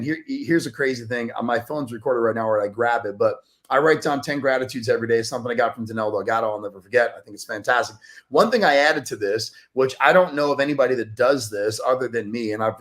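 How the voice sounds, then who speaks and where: A man speaking as a podcast guest, telling an earnest story in an emphatic, motivational way. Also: mid-range voice. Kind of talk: animated storytelling.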